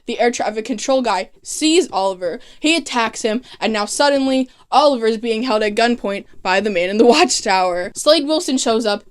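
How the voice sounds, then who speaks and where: Brief: woman, slightly high voice, casual sarcastic recap commentary with swearing. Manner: sarcastic, swears, mocking asides. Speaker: TV show recap creator.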